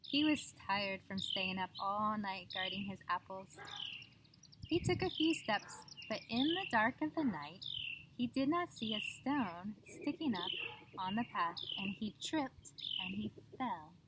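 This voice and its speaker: A woman telling a children's story outdoors in an expressive, drawn-out storybook manner. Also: mid-range voice. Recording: outdoor noise with birdsong.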